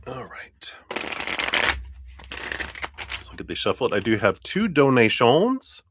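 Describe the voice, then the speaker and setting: A man's voice: mid-range voice, wildly swooping pitch, slow pace, long pauses, a bit bright, a little hiss or hum. A man hosting a live tarot stream in a casual, chatty way, with many fillers and frequent laughs.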